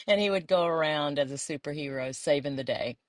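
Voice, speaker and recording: A woman's voice: deep voice, fairly quick, no echo, studio quality. A middle-aged woman from Louisiana with a South Louisiana accent, chatting fondly and meandering through a craft flip-through.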